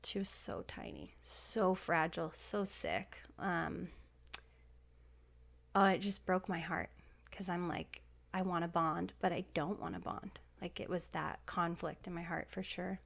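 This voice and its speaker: Heartfelt woman, lowish voice. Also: measured pace, vocal fry. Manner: heartfelt, emotional, many fillers like "like" and "um". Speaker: podcast guest. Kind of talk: personal storytelling in conversation.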